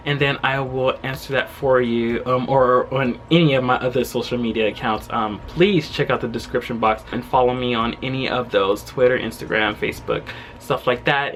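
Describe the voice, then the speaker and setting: A young man telling a travel story in a casual vlog from his home, animated and full of fillers. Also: mid-range voice, a little hiss or hum. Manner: animated retelling with quoted voices, frequent fillers and laughs. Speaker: travel vlogger. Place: his home during quarantine.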